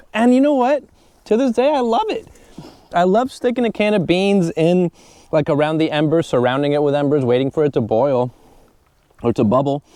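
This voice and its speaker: A man's voice: a little high, moderate pace, dark tone, dry recording. A man hosting a casual podcast outdoors on a trail, sassy and laughing often, with some swearing. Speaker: podcast host. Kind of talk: casual chat.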